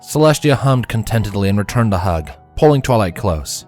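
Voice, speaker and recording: A man reading a story aloud in an expressive storybook narration style. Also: lowish voice, brisk, hardly any pauses, soft background music. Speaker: fanfiction reader.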